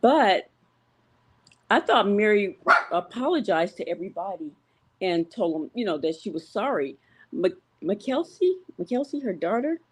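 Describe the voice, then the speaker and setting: A woman's voice: mid-range voice, sing-song, measured pace, slight background noise. A woman calling in to a show, hesitant with many ums, giving firm opinions. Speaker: caller. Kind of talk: casual call-in opinion.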